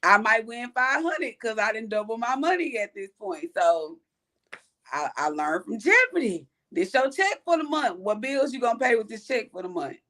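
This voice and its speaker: Expressive, profane woman telling stories. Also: fairly high pitch, normal speed. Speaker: podcast co-host. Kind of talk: casual chat.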